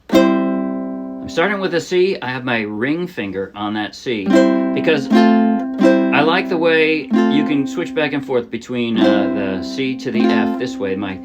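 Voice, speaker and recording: A man casually teaching ukulele, chatty and demonstrative, often correcting himself mid-sentence. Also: medium pitch. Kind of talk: casual tutorial talk. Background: ukulele playing.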